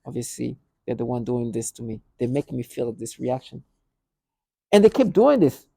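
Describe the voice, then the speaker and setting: A man's voice: mid-range voice, very animated, moderate pace, creaky, dark tone, husky, no room sound, studio quality. A man speaking in a rambling personal monologue, full of restarts and repeated words, acting out remembered conversations. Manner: acts out both sides of remembered conversations. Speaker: vlogger.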